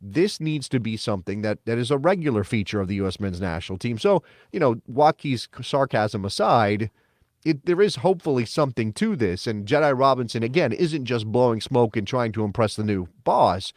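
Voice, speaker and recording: Guy cohosting a soccer podcast, mid pitch, dry close mic, gets animated. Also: brisk, no echo. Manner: animated, mock-quotes others in high voice. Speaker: podcast co-host. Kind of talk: casual sports talk.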